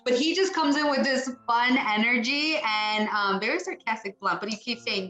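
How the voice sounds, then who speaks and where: Chatty bright-voiced woman psychic, echoey. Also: on the high side, moderate pace, hardly any pauses, soft background music. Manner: chatty, rambling, acts out spirit voices. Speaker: psychic medium. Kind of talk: mediumship reading. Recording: echoey room.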